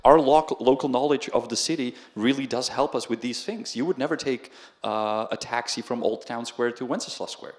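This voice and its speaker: A man's voice: mid-range voice, normal speed, few pauses. A young man from the Czech Republic with a Czech accent, a guest in a casual interview who tells stories with lots of laughter and acts out the people he quotes. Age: young adult. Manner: animated, laughs often, acts out quoted voices. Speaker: guest, video creator. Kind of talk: casual storytelling conversation.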